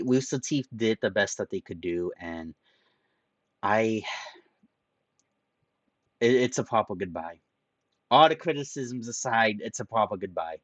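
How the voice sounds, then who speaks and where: Young man, very low voice, tearful solo reviewer, rambling delivery, dry close sound. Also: no room sound. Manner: rambling, halting with repeats and ums. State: tearful, emotional. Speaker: video reviewer.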